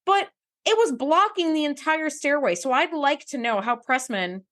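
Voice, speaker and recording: A woman co-hosting a podcast, retelling a TV episode in an expressive, rambling way. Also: high voice, moderate pace. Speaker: podcast co-host. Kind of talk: casual recap chat.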